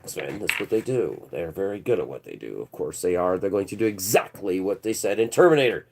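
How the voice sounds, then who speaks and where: A man's voice: low-pitched, lively intonation, brisk, creaky, breathy edge. A man hosting a livestream, rambling through conspiratorial commentary and calling his viewers "bro". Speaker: channel host. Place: indoors.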